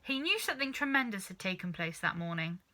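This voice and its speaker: A woman reading a children's book aloud, expressive and easing her pace for gentle moments. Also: medium pitch, fast. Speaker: storybook reader.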